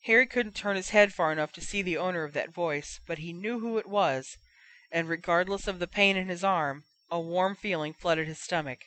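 Woman with an even storytelling voice. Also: on the low side, moderate pace. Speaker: audiobook reader. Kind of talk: scripted narration of fan fiction.

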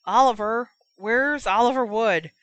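A woman voicing an injured young man who speaks faintly and hoarsely. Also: sits low, fairly even intonation, slow pace, sharp tone, exaggerated voice. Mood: urgent. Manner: faint, strained, breathy. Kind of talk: audiobook character voice.

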